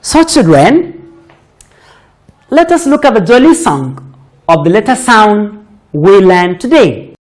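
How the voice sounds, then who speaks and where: A woman teaching a children's phonics lesson, sounding out words deliberately and praising pupils often. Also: mid-range voice, big pitch swings, a little mellow.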